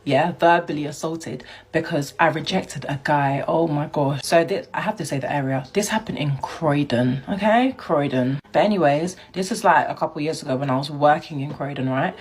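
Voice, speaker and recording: A woman's voice: sits low, moderate pace, few pauses, slightly rough. Brief: young woman, casual storytime vlogger, indignant and chatty. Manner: chatty, indignant, laughing as she tells it.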